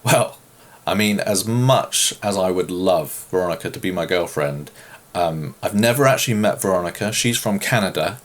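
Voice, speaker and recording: A man's voice: low voice, moderate pace. A man from England with an English accent, chatting casually as he answers viewer questions, joking and self-deprecating. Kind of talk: casual Q and A chat.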